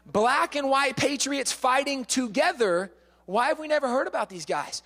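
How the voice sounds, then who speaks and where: Man, lively storytelling speaker, high voice, long hall echo. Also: normal speed. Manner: lively, acts out quotes, repeats words. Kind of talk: animated storytelling lecture.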